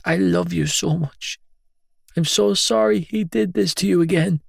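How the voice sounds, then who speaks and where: A man voicing a frightened, tender teenage girl who pleads softly and tearfully, well above his own pitch. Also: unhurried, gravelly, breathy edge, no echo, studio quality, heavily acted.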